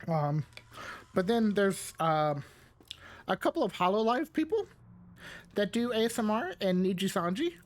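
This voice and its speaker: A woman's voice: mid-range voice, expressive. A young woman streaming a game live, chatting casually and rambling between bites of food, with frequent laughs. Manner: chatty, rambling, laughs often, pauses to eat. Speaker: VTuber streamer. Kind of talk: casual live-stream chat while gaming.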